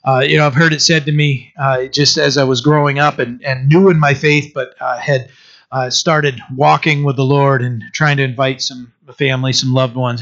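A man preaching a sermon in a halting way, with many fillers and restarts. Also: mid-range voice, a bit bright, highs cut off. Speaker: pastor.

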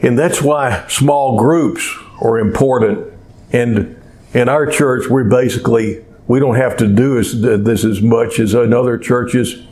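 A man preaching from the pulpit of a small church at a slow, unhurried pace. His pitch sits in the middle range, and he speaks in a measured sermon style that lifts for emphasis. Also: fairly even intonation, a little mellow. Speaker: pastor.

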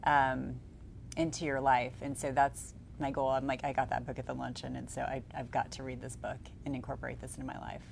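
Deep-voiced woman cohost, earnest and rambly, faint rumble behind. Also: level tone, brisk, creaky. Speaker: co-host. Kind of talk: casual chat.

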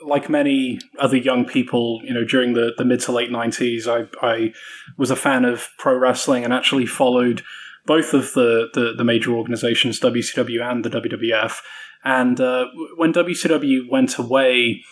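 A man with a British accent, a book author guesting on a podcast, who talks in a measured, wry way with dry humor and hesitant fillers. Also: mid-range voice, fairly even intonation. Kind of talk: casual podcast interview.

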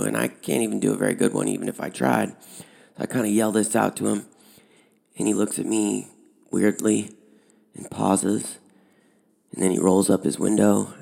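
Speaking in a creaky voice, the head of a high school outdoor program shares a personal story. He keeps it relaxed and conversational, using fillers along the way.

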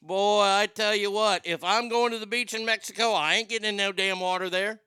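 Joking loud male radio host. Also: high-pitched, steady tone, a little fast, smooth, dry recording, clean studio sound. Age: 50s. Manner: loud, joking, rambling storyteller. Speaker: radio talk show host. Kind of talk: casual radio talk.

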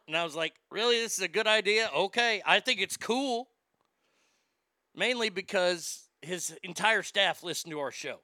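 A man's voice: sits high, pushed and bright, no room sound, studio quality. A man hosting a talk show, ranting bluntly and sarcastically with plenty of profanity, and reading listener comments aloud. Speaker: radio talk show host.

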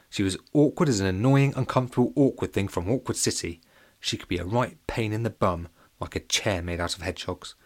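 A man narrating a children's audiobook in a playful, jokey way. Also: lowish voice. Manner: playful and jokey, with lively voices.

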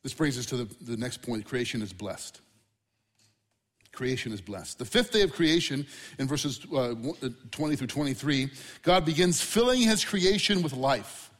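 A man preaching a sermon to a congregation, conversational and animated with asides and questions to the room. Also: a little high, normal speed, big-room sound. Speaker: pastor.

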